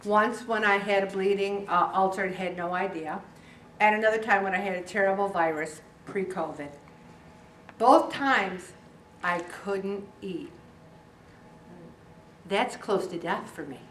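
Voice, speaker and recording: A woman's voice: medium pitch, a little slow, pauses often, a bit bright, far from the mic, a little hiss or hum. A woman leading a support group, chatty and joking, who acts out the voices of the people she quotes. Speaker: weight loss group leader. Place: meeting room with a group. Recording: echoey room, voice picked up from afar.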